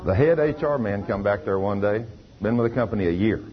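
A man's voice: lowish voice, expressive, brisk. An older man telling his testimony in an emphatic, folksy preaching style. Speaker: lay preacher giving testimony. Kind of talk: testimony sermon. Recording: dull lo-fi recording with faint noise.

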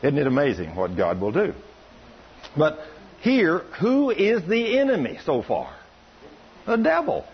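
Male preacher, folksy storyteller, husky voice, dull radio sound. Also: unhurried, long pauses. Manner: folksy, animated, rises high when quoting others. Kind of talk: sermon storytelling.

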